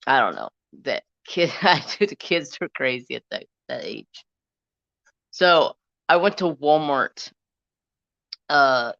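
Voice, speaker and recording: A laid-back man chats on a live stream, telling loose stories and swearing freely. His voice is bright and forward, and it sits very close and dry. The phone capture sounds dull and lo-fi. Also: a little high, clean tone, no room sound. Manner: laid-back storytelling, swears and laughs often. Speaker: livestream crafting host. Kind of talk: casual live-stream chat.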